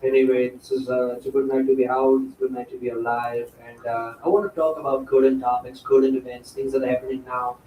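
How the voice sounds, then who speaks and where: A man's voice: medium pitch, flat delivery, moderate pace, few pauses, background noise, close to an everyday voice. A male stand-up comedian performing a persona in an exaggerated put-on Indian accent on a club stage. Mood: chatty. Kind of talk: stand-up set. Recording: dull, roomy clip from a distance.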